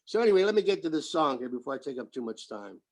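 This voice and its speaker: A chatty American man in his seventies, talking over a video call. His voice sits high for a man, and he jokes and wanders off into rambling stories. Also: sing-song, quick pace. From United States. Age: 70s. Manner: chatty, joking, rambling anecdotes. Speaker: participant. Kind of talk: casual chat on a video call.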